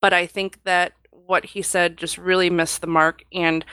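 Chatty woman with a lowish voice. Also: a little slow, clean tone, no echo. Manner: animated, acts out quotes, chatty. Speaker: podcast co-host. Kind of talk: casual panel chat.

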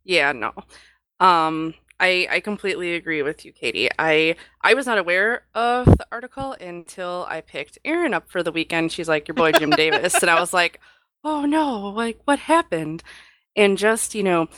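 A woman co-hosting a podcast in casual panel chat, chatty and animated, acting out what people said. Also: lowish voice, moderate pace, dry recording. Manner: animated, acts out quotes, chatty. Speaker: podcast co-host.

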